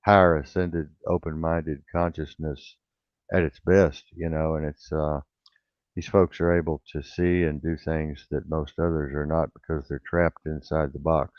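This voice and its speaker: A man hosting a casual online radio chat, excitable and rambling, bragging about the show's growth. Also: a bass voice, measured pace, no echo, lo-fi sound. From rural farm upbringing. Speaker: host.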